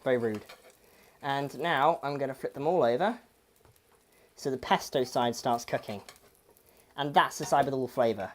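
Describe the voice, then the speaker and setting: Brief: female cooking host, low voice, chatty, fond of corny jokes. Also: normal speed, long pauses. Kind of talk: casual cooking demonstration.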